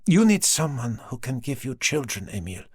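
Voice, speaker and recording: A man reading an audiobook voices a gentle, resigned young woman who speaks softly and quietly. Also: mid-range voice, big pitch swings, a little fast, husky, dry recording, studio quality. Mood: sad.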